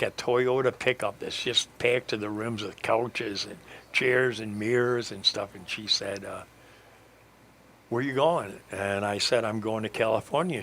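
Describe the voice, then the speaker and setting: A man's voice: lowish voice, a bit bright, a little hiss or hum. A middle-aged man telling a long road-trip story as a radio guest, meandering with frequent fillers and restarts. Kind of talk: rambling storytelling.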